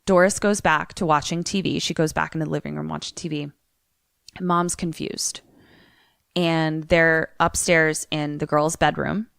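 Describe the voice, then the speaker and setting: A chatty woman recaps a film plot for her podcast co-host, her voice sitting fairly low. The sound is dry and close, with no room behind it. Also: steady tone, normal speed, gravelly, a bit bright, clean tone, dry recording. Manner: chatty retelling with frequent "like". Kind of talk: casual movie recap.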